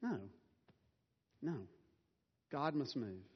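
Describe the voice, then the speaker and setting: A man's voice: on the high side, big pitch swings, extremely slow, breathy edge. A middle-aged man preaching a sermon as a pastor, casual and self-deprecating, laughing now and then. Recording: dull sound with long hall reverb.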